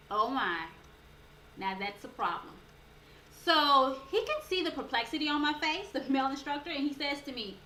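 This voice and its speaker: A woman life coach telling a personal story in a motivational talk, earnest and animated, building toward a preaching close. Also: sits high, normal speed, slight background noise. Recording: roomy echo with faint background ambience.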